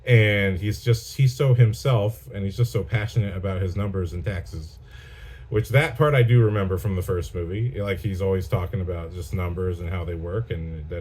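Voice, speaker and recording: A man with a fairly low, mellow voice talks through a film he enjoyed in loose, casual chat. He rambles enthusiastically and restarts his sentences often, like a filmmaker thinking aloud. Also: moderate pace, breathy edge.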